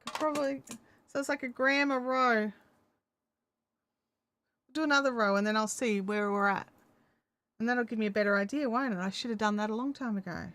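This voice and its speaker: A woman's voice: fairly high pitch, brisk, long pauses, fairly bright tone. An Australian woman chatting to herself and her dog while knitting in a casual crafting vlog. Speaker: crafting vlogger.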